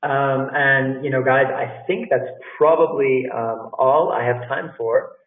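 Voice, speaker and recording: A man's voice: mid-range voice, fairly even intonation, unhurried. A middle-aged man, an English teacher, giving casual interview tips to learners, repeating phrases and calling his listeners "guys". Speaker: English teacher and language school director. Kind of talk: live talk on job interview tips. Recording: echoey room, distant tinny phone-like sound.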